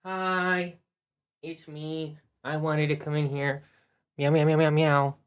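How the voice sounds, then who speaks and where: A man putting on a small, eager house cat, soft and sweet, slipping into meows. It sits a bit higher than his normal voice and stays gentle. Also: flat delivery, slow, clean tone. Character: eager little pet cat begging to come in.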